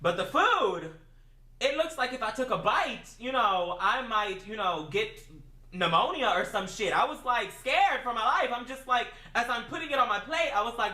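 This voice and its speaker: Woman storyteller, high and bright, very animated and slangy, recorded a little off-mic in a roomy space. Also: a little fast. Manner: animated, slangy, self-mocking. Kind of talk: casual storytelling. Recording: echoey room, mic at a distance.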